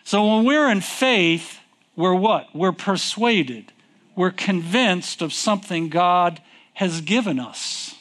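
A man preaching a sermon, reading scripture in King James wording and asking his congregation questions, with slow, drawn-out emphasis. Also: sits high, lively intonation, a bit bright. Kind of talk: sermon with call and response.

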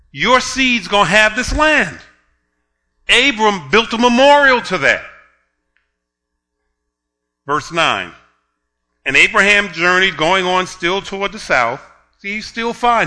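A man with a very bright, forceful voice, pitched a little high, preaching a sermon. He moves from a laughing personal story to slow, drawn-out readings of scripture and loud, emphatic points, with faint music underneath.

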